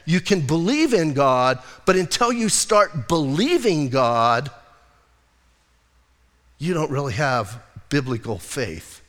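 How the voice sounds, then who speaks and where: A man's voice: fairly high pitch, big pitch swings, takes it slowly, fairly bright tone. A male pastor preaching a sermon in a conversational way, teasing his congregation. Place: church sanctuary. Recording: long hall reverb.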